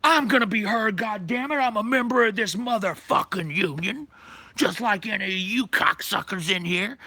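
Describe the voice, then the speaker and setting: A man voicing a furious, foul-mouthed union worker who plays Santa, shouting his grievance. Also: sits high, moderate pace, dry recording, voice pushed up, exaggerated voice. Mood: enraged. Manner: profane, shouting.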